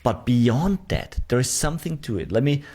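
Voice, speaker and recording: A man's voice: mid-range voice, animated, moderate pace, darkish tone, breathy edge. A man teaching a sales course, demonstrating question tonalities and checking in often with the learner. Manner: talks straight to the learner, checking with "right?". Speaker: sales trainer. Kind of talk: online course lesson.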